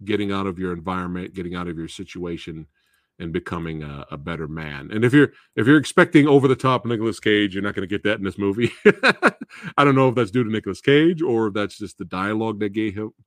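A rather low-pitched man talks through a movie in a loose, rambling way, full of "uh" and asides. The sound is dry and close, with no room echo. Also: fairly quick. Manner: rambling and chatty, with fillers and laughs. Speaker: host of a movie talk show. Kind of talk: casual live movie review.

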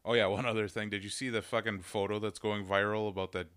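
A man's voice: fairly low pitch, level tone, quick pace, a bit bright, clear, resonant tone. A man co-hosting a casual podcast, swearing often and laughing as he talks. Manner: profane, laughing, does mocking impressions. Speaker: podcast co-host. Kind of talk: casual banter.

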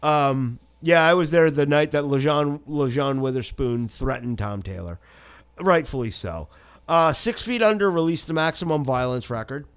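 A man's voice: on the high side, moderate pace, smooth. A man hosting a casual chat about music, blunt and profane in his opinions.

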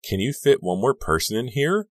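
A man's voice: mid-range voice, sing-song, normal speed, dry recording, clean studio sound, voice pushed up. A man voicing a frightened teenage girl who talks anxiously and urgently about danger. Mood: hurried. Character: frightened teenage girl actress, nun costume.

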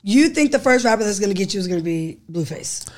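Brash fast-talking woman guest. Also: mid-range voice, expressive. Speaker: reality TV star and producer guest. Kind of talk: casual banter interview.

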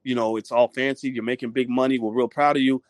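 A man's voice: medium pitch, level tone, fast talker, no echo, studio quality, pitched below the performer's own voice, natural voice. A man voicing a hungry community member pleading with a successful friend for help.

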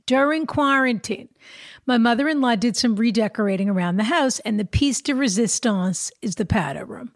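A woman's voice: fairly high pitch, lively intonation, normal speed, no echo, studio quality. A woman co-hosting an advice podcast, chatting playfully, laughing easily and reading a listener's letter aloud. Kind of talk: casual chat and letter reading.

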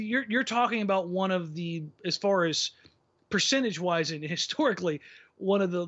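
Man, podcast co-host, rambling opinionated talk, slightly high voice, dull lo-fi sound. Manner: rambling, restarts a lot, opinionated. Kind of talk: casual basketball podcast chat. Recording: muffled lo-fi podcast audio.

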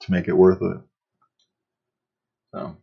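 An older man hosting a podcast, chatting casually and rambling a bit, with a husky voice. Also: sits low, completely flat delivery, slow, highs cut off. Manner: rambling, chuckles often. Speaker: podcast host.

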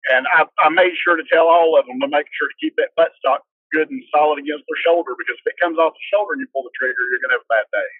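A man's voice: a little high, rapid-fire, hardly any pauses, slightly rough, dry recording. A man, a range officer, telling stories in an earnest, casual way. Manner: earnest storyteller. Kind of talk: casual chat. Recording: tinny phone-like line.

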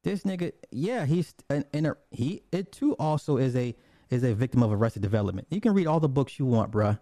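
Blunt man ranting casually, dark dry voice. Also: medium pitch, lively intonation, fairly quick, dry recording. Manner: blunt, profane, repetitive, restarts often. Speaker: commentator.

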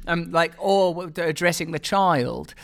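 A man's voice: on the high side, measured pace, vocal fry. A man in his thirties hosting a podcast, rambling and swearing freely in casual chat. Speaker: podcast host.

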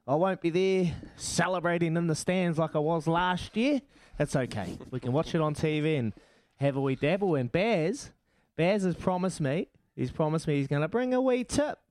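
A man's voice: a little high, animated, moderate pace, a little mellow, dry recording. A man with a New Zealand accent co-hosting breakfast radio in casual, upbeat chat. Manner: chatty, upbeat, friendly. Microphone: studio mic.

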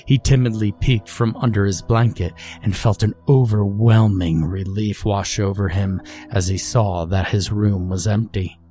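Slow, dark-voiced horror narrator. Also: male voice, lowish voice, fairly even intonation, faint music behind. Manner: slow, measured, brooding delivery. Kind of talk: scripted horror story narration.

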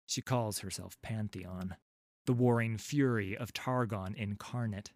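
A man giving scripted first-person narration of a fantasy story in a dramatic, measured way. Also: on the low side, steady tone, a little mellow, no room sound, clean studio sound.

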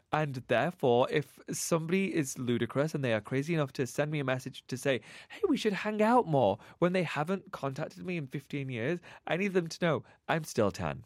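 A man's voice: a little high, dry recording, clean studio sound. A man giving a radio interview as a fashion guest, talking emphatically with many fillers. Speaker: guest, fashion expert and author. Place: radio studio. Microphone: studio microphone.

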